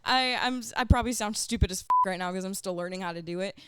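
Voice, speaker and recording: A woman's voice: mid-range voice, fast, a bit bright, clear, resonant tone, no room sound. Young woman podcast guest, metal singer, casual and talkative, clean resonant tone. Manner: chatty, many fillers, laughs easily.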